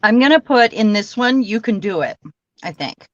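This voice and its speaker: A woman's voice: mid-range voice, expressive, moderate pace, dry recording, muffled recording. A woman casually chatting and rambling while she makes cards on a livestream, laughing now and then. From Washington state. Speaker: card-making livestream host. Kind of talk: casual chat while crafting.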